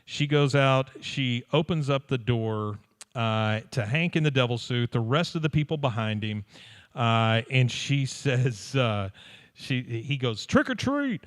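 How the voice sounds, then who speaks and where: A man co-hosting a podcast live, retelling a cartoon episode in an animated way and dropping into quick character voices. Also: mid-range voice, clean tone. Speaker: podcast co-host. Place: live show venue.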